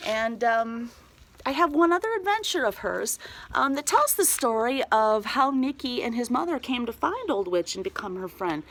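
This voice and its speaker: A woman telling a children's story aloud, very expressive and dropping to a whisper at spooky moments. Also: on the high side, normal speed.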